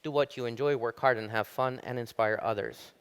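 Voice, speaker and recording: A middle-aged man from Italy, giving a public university lecture as an animated storyteller. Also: brisk, clean tone. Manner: animated storyteller, rises high when telling jokes. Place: lecture hall.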